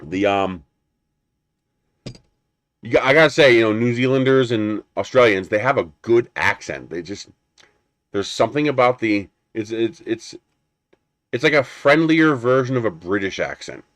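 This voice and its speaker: A man's voice: mid-range voice, expressive, moderate pace, long pauses, fairly bright tone, dry recording. A man hosting a live stream, chatting casually and rambling as he unboxes a printer and answers viewers. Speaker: 3D printing livestream host.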